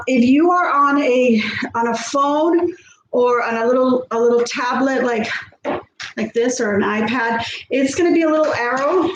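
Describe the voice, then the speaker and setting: A woman hosting a casual livestream, chatting with viewers and greeting them by name. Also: high-pitched. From Texas. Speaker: livestream host. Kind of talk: casual livestream chat reading viewer comments. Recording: echoey room with faint background noise.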